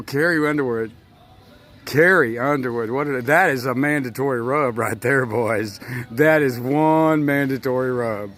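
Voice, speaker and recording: A man's voice: medium pitch, measured pace, a bit bright, faint music behind. Rambling, impassioned man talking to camera. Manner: rambling, impassioned, addresses listeners directly. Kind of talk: rambling emotional monologue.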